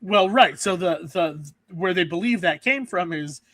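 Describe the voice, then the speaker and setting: A man's voice: sits high, lively intonation, measured pace, fairly bright tone, no echo. A man co-hosting a podcast in casual chat, rambling and restarting his sentences often. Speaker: podcast co-host.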